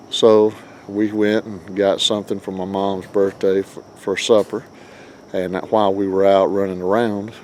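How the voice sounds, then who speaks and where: A man's voice: low voice, darkish tone. A middle-aged man chatting casually, rambling and joking at his own expense, outdoors by a grill before dawn. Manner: folksy, rambling, self-deprecating. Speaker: vlog host. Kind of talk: casual outdoor vlog chat. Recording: faint outdoor background noise.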